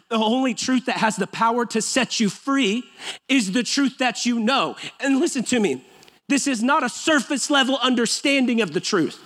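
A man's voice: very high-pitched, animated, moderate pace, a bit bright. A man preaching a sermon in a church, emphatic and conversational, with touches of humor. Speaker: pastor. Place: church sanctuary.

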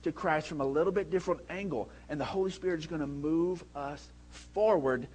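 A man in his thirties preaches with a rather high voice for a man. He tells his stories in a lively, animated way and breaks into loud shouts when he acts out scenes. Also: fairly quick, husky. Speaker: pastor. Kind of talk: sermon.

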